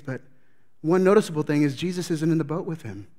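A man's voice: fairly high pitch, fast, mellow. A man preaching a sermon as pastor, telling the story with animation and acting out scenes.

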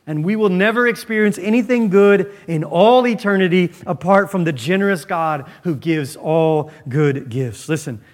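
A male pastor preaching a sermon in a church, emphatic, with dramatic pauses and sudden drops to a near-whisper. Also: sits high.

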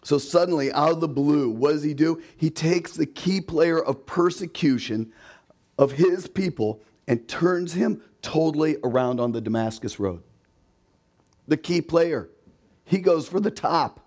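A man's voice: fairly high pitch, unhurried, darkish tone. Man preaching with rhetorical questions. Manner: acts out quoted voices; emphatic repetition. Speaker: pastor. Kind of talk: sermon.

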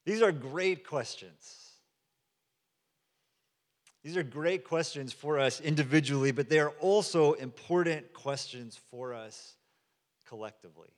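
A man's voice: fairly high pitch, a little slow, long pauses. Man preaching in a reverberant hall. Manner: conversational storytelling with acted quotes. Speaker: pastor. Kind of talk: sermon. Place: church sanctuary.

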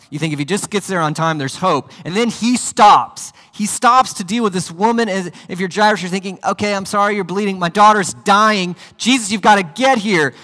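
Preaching man, dramatic delivery, church reverb. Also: mid-range voice. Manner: dramatic, swings from hushed to loud and urgent. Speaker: pastor. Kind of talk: sermon. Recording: long hall reverb.

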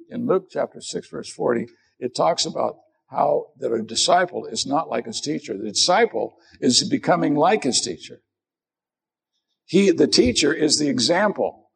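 A man's voice: on the high side, gravelly, slightly rough. A middle-aged man preaching a sermon as pastor, earnest and self-deprecating in a conversational way.

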